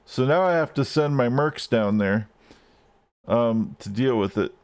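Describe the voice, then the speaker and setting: A man's voice: mid-range voice, lively intonation, unhurried, darkish tone. A man streaming gameplay live, ranting and swearing at the game as he plays. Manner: frustrated, swearing, rants at the game.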